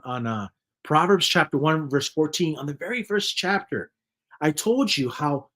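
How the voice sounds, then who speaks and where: A man's voice: a little high, fairly bright tone. A man hosting his own channel, giving advice in a casual monologue, full of rhetorical questions and repeated phrases. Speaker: channel host.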